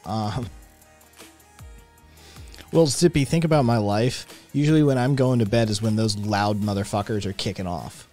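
A man hosting a casual livestream, reading chat messages aloud and answering them with loud, profane, animated opinions. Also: on the low side, normal speed, pauses often, soft background music. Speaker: podcast host reading live chat.

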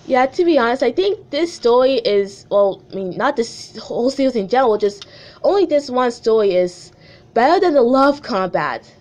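A woman's voice: a little high, animated, moderate pace, darkish tone. A woman reading her old childhood story aloud and chatting about it, full of "like" and "you know", giggly and rambling. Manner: chatty, filler-heavy, giggly. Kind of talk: casual read-aloud with commentary.

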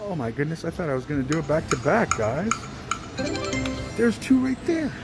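A slot machine vlogger giving excited live commentary on a casino floor, pleading with the machine over and over. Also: mid-range voice, normal speed, long pauses. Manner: excitable, pleads with the machine, repeats "come on" and "one more". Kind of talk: excited live commentary while playing slots. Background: jingling slot machine music.

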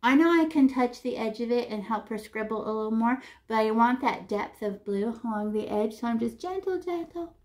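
A woman with a fairly high voice teaches children to paint. She talks them through each stroke in an animated, playful way, dropping in little sound effects and sing-song noises as she goes. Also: fairly quick, few pauses. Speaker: art teacher.

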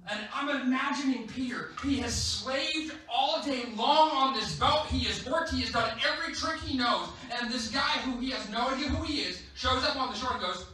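Casting an emphatic, playful male preacher with a high voice, heard from off-mic in a booming sanctuary. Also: moderate pace, few pauses. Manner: animated storytelling, playful and emphatic. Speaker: guest preacher. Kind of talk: sermon. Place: church. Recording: echoey church hall, distant mic.

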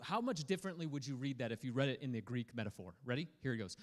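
A pastor preaching a sermon in an energetic, playful way, prodding the congregation to respond. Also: male voice, mid-range voice, quick pace, few pauses. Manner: energetic, playful, prods the audience for feedback.

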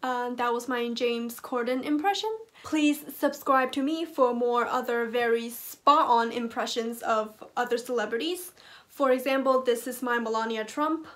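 Playful high-voiced woman reacting. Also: moderate pace, a bit bright. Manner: playful, joking, teasing. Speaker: reaction video host. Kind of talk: casual reaction vlog.

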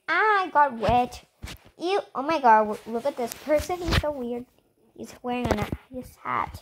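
A woman's voice: high-pitched, unhurried, slight background noise. Bubbly young girl chattering over gameplay. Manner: excitable, chatty, giggly, self-conscious. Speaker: gaming channel host. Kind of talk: casual gameplay commentary.

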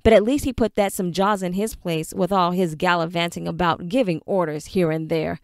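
A woman's voice: fairly low pitch, steady tone, moderate pace, no room sound, studio quality, lightly acted. A woman voicing a stern, harsh aging father who barks at his son, read for an audiobook. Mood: angry, scornful. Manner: gruff, barking, scornful.

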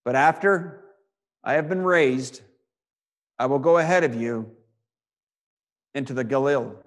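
A male preacher giving a sermon, reading scripture aloud and expounding it with rhetorical questions and repeated phrases, swinging between loud and hushed delivery. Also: medium pitch, a little slow.

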